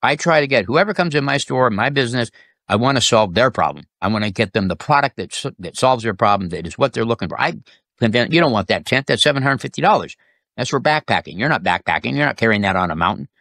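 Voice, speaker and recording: A man as an interview guest, telling sales stories in a lively way and acting out the people in them. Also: mid-range voice, fast, dry recording, studio quality. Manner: animated, acts out quoted customers and bosses. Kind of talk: casual storytelling interview.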